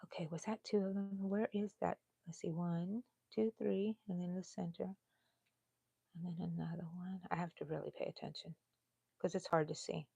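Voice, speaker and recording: A woman of sixty with a Texan accent, hosting a live crochet stream in a casual, chatty way and dropping to low mutters and whispers as she counts stitches. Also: fairly even intonation, normal speed, vocal fry, mellow, breathy edge, no echo. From Texas. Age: 60s.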